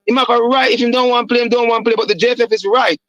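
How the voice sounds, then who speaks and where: A Jamaican man with a high voice hosts a heated panel chat. He talks fast and keeps cutting in to calm everyone down. The sound is dry and close. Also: dry recording, muffled recording. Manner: calming, keeps cutting in to moderate. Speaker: host. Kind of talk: casual panel debate.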